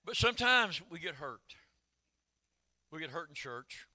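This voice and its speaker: An older man, preaching a sermon in a folksy storytelling way that swells into shouted calls. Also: on the high side, sing-song, a little slow, no echo. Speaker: pastor.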